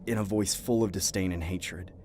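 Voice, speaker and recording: A man's voice: low-pitched, fairly even intonation, moderate pace, darkish tone, a little hiss or hum. A young man narrating a true horror story in the first person, earnest and tense. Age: young adult.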